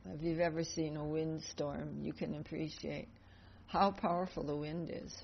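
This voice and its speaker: Rambling through a story for a devotional class, this speaker laughs often and keeps correcting themselves. The medium-pitched voice is flat and creaky at a moderate pace, over a dull, lo-fi recording with a faint hiss.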